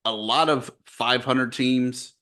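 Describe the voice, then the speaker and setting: A man's voice: mid-range voice, fairly even intonation, slow pace, pushed and bright. A man co-hosting a casual sports podcast, running through scores and news in a dry, matter-of-fact way. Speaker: podcast co-host.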